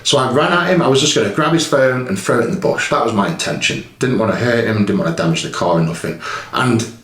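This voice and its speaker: A man's voice: mid-range voice, quick pace, fairly bright tone. A man plainly recounting a confrontation he had, in a matter-of-fact storytelling way. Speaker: interviewee telling a story. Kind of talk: recounting an incident. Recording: echoey room in a played clip.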